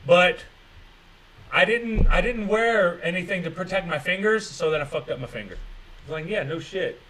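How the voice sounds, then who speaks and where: A man's voice: sits high, moderate pace, sharp tone, rough recording. A man hosting a casual livestream chat, rambling and swearing, mocking people's excuses with sarcasm and reading viewer comments aloud. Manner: profane, sarcastic, mocking voices of others. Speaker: livestream host.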